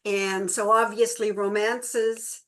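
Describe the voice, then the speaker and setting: A woman's voice: mid-range voice, slow pace. A middle-aged woman co-hosting a relationship workshop, telling stories to a small group and livening up the quoted voices. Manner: storytelling, animated in quoted voices. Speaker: workshop co-host. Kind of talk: relaxed talk to a small group.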